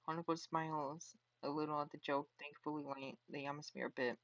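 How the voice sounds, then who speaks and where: A man's voice: a little high, flat delivery, fairly quick, hardly any pauses, fairly bright tone, no room sound, dull audio. A man reading a visual novel aloud, often stumbling and restarting, with chatty asides.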